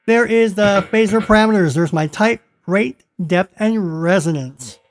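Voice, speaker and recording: A man with a high, unhurried voice casually walks through his guitar effects settings, chuckling between remarks in a playful, self-amused way. It's relaxed tutorial talk, with electric guitar playing in the background.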